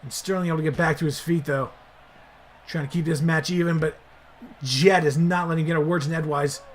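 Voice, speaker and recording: A man doing excited play-by-play commentary over a wrestling video game, bursting into shouted exclamations. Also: on the high side, brisk.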